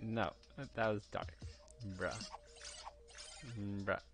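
A man chatting casually and reacting excitedly while playing an online game with friends, laughing often. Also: lowish voice, very slow. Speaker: gamer streaming online matches with friends. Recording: game music playing behind. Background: game music.

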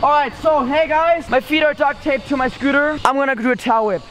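A man hosting a skatepark vlog, teasing his friends and bursting into loud exclamations. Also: very high voice, a little fast, slight background noise. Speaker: vlogger host. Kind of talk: excitable vlog chatter. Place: outdoor skatepark.

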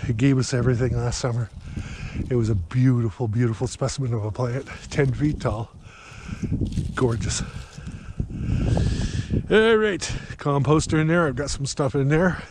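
A man's voice: medium pitch, a little mellow, a little hiss or hum. Middle-aged man, casual garden vlogger, rambling, slightly winded, outdoor camera mic, faint clicks. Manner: rambling, chatty, many fillers. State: out of breath. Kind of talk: casual walking vlog.

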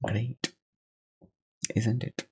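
A man in his twenties talks extremely slowly against a noisy background, chatting with strangers on a video call as its host. He adds chatty voice-over commentary and asks blunt questions in this casual exchange.

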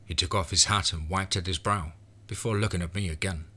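A man reading a first-person horror story in a measured, low-key way. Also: steady tone, pushed and bright, breathy edge.

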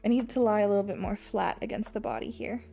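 A young woman with an English accent talks fast in a gravelly, mellow, mid-range voice while drawing on an art stream with soft music behind. Her casual chat rambles with restarts, frequent laughs and the odd swear.

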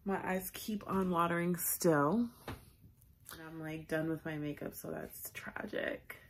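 A woman's voice: low voice, steady tone, measured pace, slight background noise, poor audio. A young woman casually chatting to her viewers while doing her makeup and hair, swearing freely. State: has the hiccups. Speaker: beauty vlogger. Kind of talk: casual get-ready-with-me chat.

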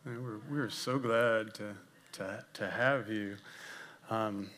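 A man's voice: fairly low pitch, slow. A man serving as executive pastor, preaching a casual, self-deprecating sermon to his congregation in a church. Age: older. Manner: jokey, self-deprecating, animated with asides to the congregation. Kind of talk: conversational sermon. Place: church sanctuary.

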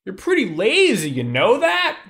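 A sly young gang leader, cool-headed and drawling, needling his crew with mock questions, as a man puts him on. The voice sits somewhat high and moves in a lazy, teasing way. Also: wildly swooping pitch, moderate pace, a bit bright, exaggerated voice.

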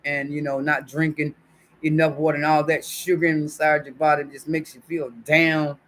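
A man's voice: on the high side, flat delivery, normal speed, a bit bright. A man hosting a casual livestream, chatting affectionately with viewers and reading their comments aloud. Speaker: YouTube livestream host.

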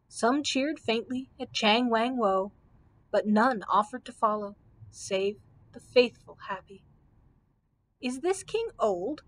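Woman, librarian, storybook read-aloud, clear steady reading, slightly high voice. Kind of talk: children's book read-aloud.

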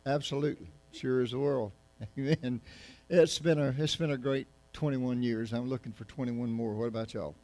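Folksy pastor, rambling sermon. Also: male voice, medium pitch, fairly even intonation, normal speed, dark tone. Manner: folksy, joking, rambling with many restarts. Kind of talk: casual sermon to a congregation. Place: church sanctuary.

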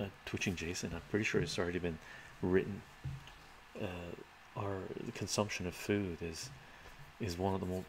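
A man's voice: low voice, gravelly, a little hiss or hum. A man hosting a live stream, reading out chat questions and musing through them in a thoughtful, rambling way with sighs and fillers.

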